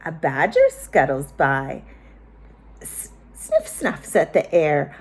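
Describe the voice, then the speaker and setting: Woman teacher, children's read-aloud; slow, animated, invites joining in. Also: low-pitched. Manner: expressive, invites children to join in. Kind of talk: reading a picture book aloud to children.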